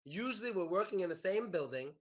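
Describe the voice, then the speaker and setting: An American man teaching a class, animated and repeating his questions to the students. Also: high voice, a little fast. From United States. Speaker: English teacher. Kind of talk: classroom lesson.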